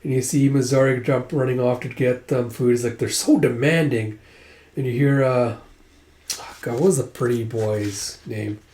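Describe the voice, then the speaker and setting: A man's voice: mid-range voice, level tone, normal speed, warm tone. A man casually recapping a manga in a chatty, filler-heavy way, acting out the lines as he goes. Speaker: manga readthrough host. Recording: roomy echo.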